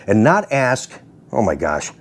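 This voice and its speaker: A man hosting a car channel, telling a story to his viewers in a casual, animated way, acting out quotes and laughing often. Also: on the low side, unhurried, noisy background. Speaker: host of a car video channel.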